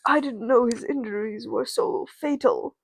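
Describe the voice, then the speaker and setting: A woman's voice: a little high, moderate pace, creaky. A woman voicing a shocked, blustering male school principal who fumbles for words. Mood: indignant.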